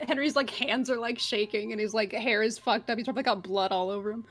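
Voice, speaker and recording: A woman's voice: a little high, brisk, a bit bright, faint music behind. A woman playing a tabletop game, describing her character with some hesitation. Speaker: player.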